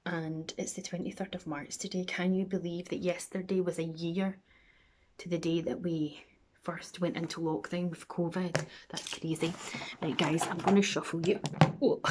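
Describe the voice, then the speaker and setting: Woman, Scottish accent, slightly low pitch, rambling makeup vlog chat, near whisper at times. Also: noisy background. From Scotland. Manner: rambling, chatty, often drops to a near whisper. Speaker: makeup vlogger. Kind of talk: chatty makeup tutorial.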